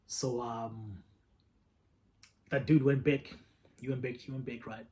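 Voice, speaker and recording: A man's voice: mid-range voice, steady tone, slow pace, long pauses, darkish tone. A man telling a story from his own life in a casual, candid way. He swears freely and often repeats himself. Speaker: vlogger.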